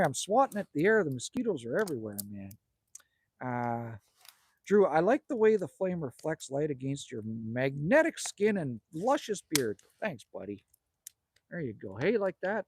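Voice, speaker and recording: A man's voice: fairly high pitch, slightly rough. A middle-aged man from Canada, chatting casually and rambling through viewer comments as a livestream host outdoors at a cabin. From Manitoba, Canada. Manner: chatty, rambling, jokey, calls people man and buddy. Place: outdoors at a cabin by a fire at night.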